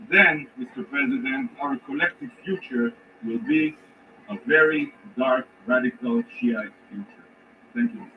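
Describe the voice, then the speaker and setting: A man delivers an emphatic, indignant formal address in a large council chamber, pausing deliberately between phrases. His voice sits a little high and comes from a distance. The recording is dull and carries a faint hiss. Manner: emphatic, indignant, measured pauses. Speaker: ambassador addressing the Security Council. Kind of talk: formal prepared speech.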